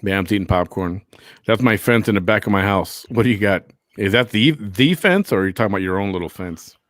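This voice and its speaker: Deep-voiced man hosting a chat show. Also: steady tone, fast talker, no echo, clean studio sound. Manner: rambling, repeats himself. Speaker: host. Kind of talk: casual chat.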